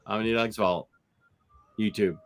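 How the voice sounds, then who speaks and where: A man's voice: lowish voice, fairly even intonation, unhurried. A man co-hosting a casual live stream, easygoing and joking. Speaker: co-host.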